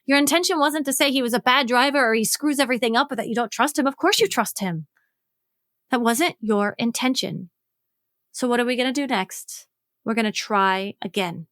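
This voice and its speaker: A woman relationship coach explaining a method on her own podcast, frank and animated, acting out both partners' lines. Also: on the high side, fairly quick, no room sound, studio quality. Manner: frank, swears casually.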